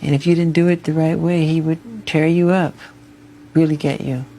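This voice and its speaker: A man giving a television interview. He speaks softly and haltingly. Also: on the high side, little pitch movement, a little hiss or hum, low-quality recording.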